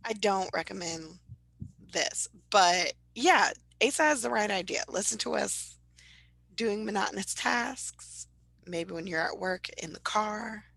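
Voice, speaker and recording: A woman co-hosting a podcast in casual chat, animated and loud, laughing often. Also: mid-range voice, unhurried, gravelly, breathy edge, no echo, rough recording. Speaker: podcast co-host.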